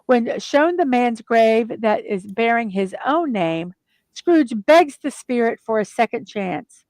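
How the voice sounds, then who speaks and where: A woman's voice: fairly high pitch, animated, takes it slowly, a little mellow, dry recording. A middle-aged woman hosting a casual chat, animatedly retelling the plot of a film. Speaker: host.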